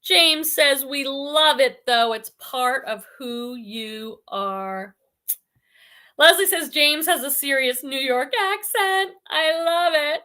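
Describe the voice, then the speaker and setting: Woman, from the Boston area, livestream host, casual chat, high voice, bright tone, bubbly. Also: slow pace. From Boston area, New England. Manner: chatty and bubbly, laughs often. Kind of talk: casual live-stream chat reading viewer comments.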